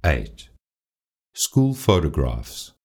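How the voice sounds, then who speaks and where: A man announcing numbered items in a listening test, in a measured reading tone. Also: big pitch swings, darkish tone. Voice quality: very deep, slow and measured. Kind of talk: reading item numbers and titles.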